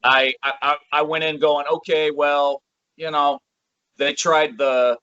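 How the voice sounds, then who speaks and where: A man on a podcast panel speaking in a hesitant, measured way. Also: on the high side, fairly even intonation, sharp tone, no room sound, muffled recording. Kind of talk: casual podcast discussion.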